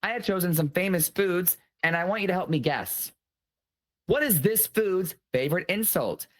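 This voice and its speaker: Playful teasing game show host, lively pitch. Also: normal speed. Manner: playful, teasing, laughs often. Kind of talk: hosting a casual online game show.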